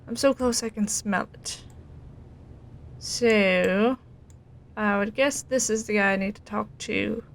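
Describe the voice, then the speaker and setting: A woman's voice: medium pitch, takes it slowly, creaky, long pauses, poor audio. A woman chatting as she plays a story game and reacts aloud. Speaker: game streamer. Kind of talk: let's play commentary.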